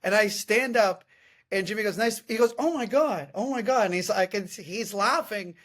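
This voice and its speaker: A man in his thirties hosting a podcast, telling comic stories in a casual, animated way and often laughing. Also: high voice, normal speed, a little hiss or hum. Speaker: podcast host. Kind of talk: casual comedic storytelling.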